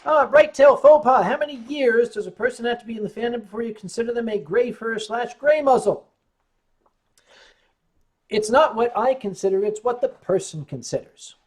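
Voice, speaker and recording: A man's voice: extremely high pitch, normal speed. Wry, tipsy man hosting a livestream. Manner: wry, joking, rambling storyteller. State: tipsy from wine. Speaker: livestream host reading chat. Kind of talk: casual chat on a livestream.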